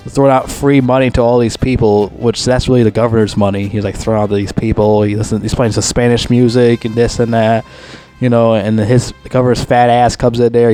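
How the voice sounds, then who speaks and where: A man casually reviewing a movie, rambling, swearing heavily and repeating himself, his voice jumping up high when he gets excited retelling scenes.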